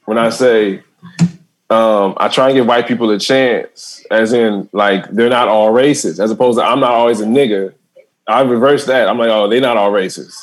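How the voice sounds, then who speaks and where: A stand-up comedian, guesting on a casual podcast, talks in a lowish voice at a moderate pace. He tells animated stories, laughs often, and acts out the quotes.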